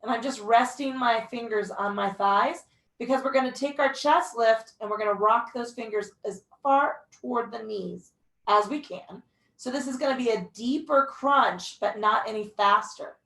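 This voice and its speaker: A woman's voice: on the high side, moderate pace, a bit bright. A young woman leading a mat pilates class, giving breath counts and encouraging cues with the odd whoop. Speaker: pilates instructor. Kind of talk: guided workout instruction. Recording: echoey room, voice from a distance.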